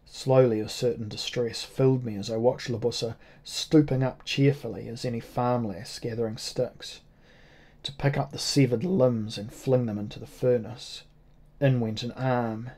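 A man reading a first-person novel aloud as an audiobook, at a measured, grave pace. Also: medium pitch, level tone, warm tone. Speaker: audiobook narrator.

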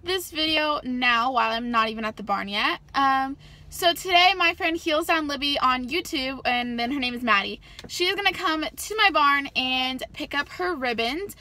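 A woman's voice: high voice, expressive, moderate pace, pushed and bright. A woman vlogger chatting casually and talking sweetly to her horse out in a paddock. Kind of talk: casual vlog chat.

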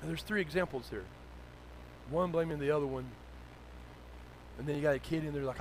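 A male pastor, preaching a sermon that moves from low, conversational storytelling to loud, shouted exhortation. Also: a little fast, pauses often, slight background noise, low-quality recording.

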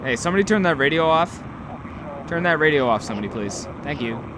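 A young man giving live gameplay commentary, talking to himself, excitable and swearing often. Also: a little high, fast, noisy background. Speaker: gaming video host.

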